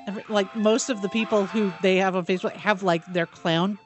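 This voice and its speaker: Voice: medium pitch, fairly even intonation, fairly quick, faint music behind. A co-host on a radio talk show, chatting emphatically and repeating words for stress.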